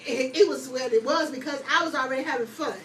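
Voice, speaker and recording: High-voiced woman spilling a story to y'all, lively, a bit far from the mic w faint noise behind. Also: fast. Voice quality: lively, animated, laughs often. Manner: chatty, addresses listeners as y'all. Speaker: host telling a personal story. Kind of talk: casual storytelling.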